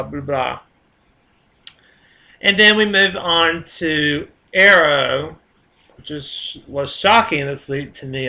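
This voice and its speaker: A man's voice: fairly high pitch, sharp tone. A man with a Southern US accent, rambling casually in a vlog monologue, chatty and full of fillers and restarts. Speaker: vlogger.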